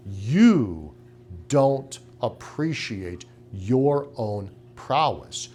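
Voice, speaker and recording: A man's voice: on the high side, expressive, measured pace, pauses often, a little mellow. A middle-aged man giving a business training talk to clinic owners, emphatic and punchy, with rhetorical questions. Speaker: practice consultant.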